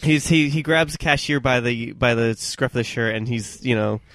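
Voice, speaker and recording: A man co-hosting a podcast, telling a story in casual chat with halting restarts. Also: medium pitch, fairly bright tone, dry recording. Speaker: podcast co-host.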